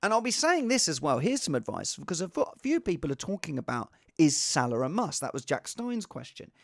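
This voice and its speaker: A man giving casual, rambling fantasy football advice in an excitable, self-deprecating way. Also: fairly high pitch, a little fast, vocal fry, no echo, studio quality.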